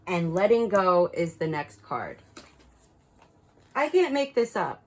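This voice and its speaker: A woman's voice: lowish voice, sing-song, slow pace, a little mellow. Frank, chatty woman reading oracle cards. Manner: frank and chatty, laughs at herself. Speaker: tarot card reader. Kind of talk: casual spiritual card reading.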